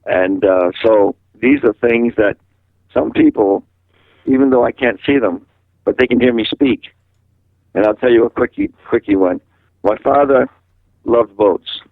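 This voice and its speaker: A man's voice: mid-range voice, unhurried, long pauses, no echo. An older man from Massachusetts telling long stories in an interview and acting out the voices of people he quotes. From Massachusetts, USA. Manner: animated storyteller who acts out quoted voices. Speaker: interviewee, musician. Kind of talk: rambling storytelling in a phone interview. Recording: tinny phone line, dry.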